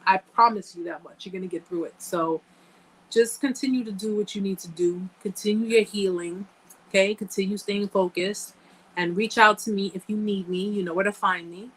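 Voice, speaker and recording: A woman's voice: mid-range voice, steady tone, normal speed, fairly bright tone, husky, rough recording. A woman hosting a live chat, talking casually and emphatically to viewers, repeating phrases for effect and thanking them by name. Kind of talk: casual livestream talk to viewers.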